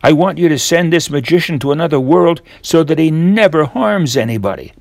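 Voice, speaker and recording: A man's voice: fairly high pitch, animated, brisk, no room sound, clean studio sound, voice pushed up. A man reading aloud voices Aladdin, a young storybook hero, in a raised, pleading tone. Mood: commanding. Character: young male hero Aladdin, eager and anxious.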